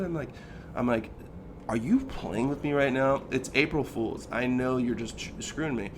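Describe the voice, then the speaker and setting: Over a noisy background, a man in his thirties who co-hosts a podcast tells a personal story in casual conversation. His medium-pitched voice moves at a moderate pace, and he's animated, acting out the lines he quotes and saying "dude" and "like" constantly.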